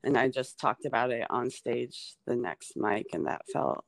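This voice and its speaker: A woman's voice: extremely low pitch, a little slow, vocal fry, no echo. Rambling woman comedian, dry close sound. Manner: rambling, lots of "like" and "um" fillers. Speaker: stand-up comedian, guest. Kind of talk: casual podcast chat.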